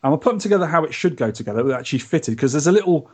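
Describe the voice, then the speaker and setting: A man's voice: rapid-fire, slightly rough. A man co-hosting a podcast, telling a story in casual chat. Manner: chatty storyteller, lively pitch. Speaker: podcast co-host.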